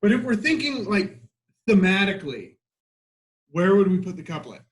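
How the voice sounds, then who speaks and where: A man teaching a literature class in a classroom, lively and full of rhetorical questions, often asking "right?". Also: high-pitched, normal speed, low-quality recording. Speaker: high school literature teacher.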